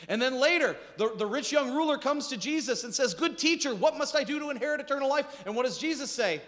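A male pastor preaching to his congregation with a high, lively voice that leaps up and down as he acts out the lines. He jokes between points, and his words ring out with a long echo through the church hall. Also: quick pace, hardly any pauses. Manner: animated, joking asides, acts out quotes. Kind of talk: sermon. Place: church sanctuary. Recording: reverberant hall.

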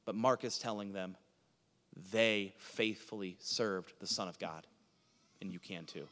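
A pastor preaching a sermon, swinging from hushed lines to loud, urgent passages. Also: male voice, on the low side, a little slow, big-room sound.

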